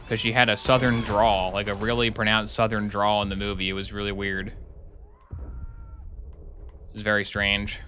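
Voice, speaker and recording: Bright-voiced joking male streamer. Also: on the low side, flat delivery, normal speed, a little hiss or hum. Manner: chatty, joking, talks to chat while playing. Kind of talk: live gameplay commentary.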